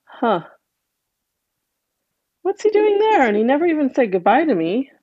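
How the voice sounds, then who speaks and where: A woman's voice: high-pitched, sing-song, measured pace, dark tone, pitched above the performer's own voice. A plaintive, trusting storybook father, as a woman puts him on, his voice raised and questioning. The recording is dry and slightly dull, with no echo. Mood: puzzled. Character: bewildered, trusting father, greedy at supper.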